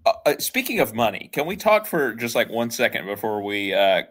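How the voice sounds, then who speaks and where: A man hosting a casual film podcast, talking in a relaxed, chatty way with many fillers. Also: mid-range voice, brisk. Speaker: podcast host.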